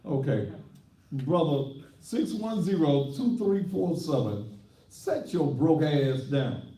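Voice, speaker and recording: A man's voice: on the high side, big pitch swings, takes it slowly, dark tone, far from the mic. A man who is a pastor hosting a call-in talk show, ranting in a brash, boastful and mocking way. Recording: echoey room, voice from off the mic.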